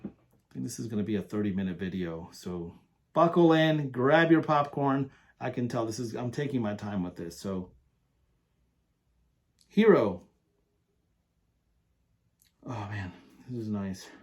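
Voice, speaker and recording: A man's voice: on the low side, a little slow, pauses often, darkish tone. Enthusiastic man chatting through a perfume unboxing. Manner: enthusiastic, rambling, reads product blurbs aloud. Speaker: perfume reviewer. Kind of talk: casual unboxing review.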